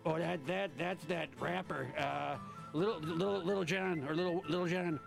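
A man's voice: a little high, fairly even intonation, normal speed, vocal fry, faint music behind. A man hosting a radio show, chatting casually with a caller, stammering through restarts and laughing easily.

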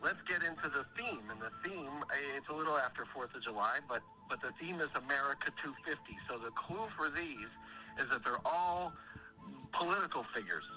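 A man's voice: mid-range voice, lively intonation, fairly quick, sharp tone, soft background music, rough recording. A man calling in to a radio show, playful and teasing as he runs a guessing game. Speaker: caller doing impressions. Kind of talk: casual radio call-in.

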